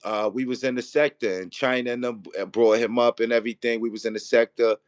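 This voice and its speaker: A man's voice: mid-range voice, steady tone, fast talker, clear, resonant tone, no echo. Guy rambling his theory in a casual debate, keeps asking you feel me, dry sound. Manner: rambling, repeats "you feel what I'm saying".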